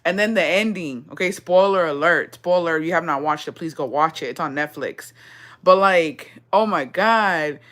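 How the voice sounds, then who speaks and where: A woman's voice: low voice, normal speed, a bit bright. A young adult woman vlogger chatting casually with her viewers in an emotional, rambling way, full of swearing.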